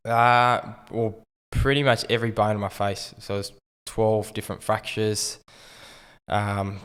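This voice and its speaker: Low-voiced Australian man, flat and easygoing. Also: measured pace, clean tone, long reverb tail. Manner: easygoing, understated, frequent ums and "like". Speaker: guest, retired rugby league player. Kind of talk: casual interview storytelling.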